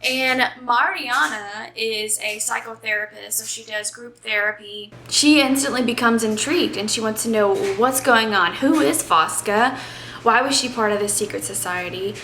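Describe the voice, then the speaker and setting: A woman chatting excitedly as she recaps a book for her vlog, with the odd breathy whispered aside, filmed at home on a tripod camera. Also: a little high, moderate pace. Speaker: book vlogger. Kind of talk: casual reading vlog chat. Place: home reading nook, indoors. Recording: roomy echo with faint background noise.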